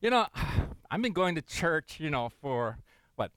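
A middle-aged man preaches in a relaxed, talky way, leaning on fillers and restarting his phrases. His voice sits fairly high for a man and moves a lot in pitch. The recording is dry and close. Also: unhurried, no room sound. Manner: conversational preaching, many "you know" fillers and repeats. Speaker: pastor. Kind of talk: sermon.

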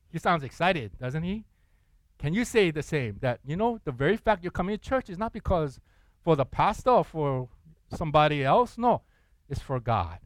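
A man preaching a sermon with animated delivery, putting on excited voices in the quotes he acts out and asking the congregation questions. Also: fairly high pitch, moderate pace, no echo. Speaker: pastor.

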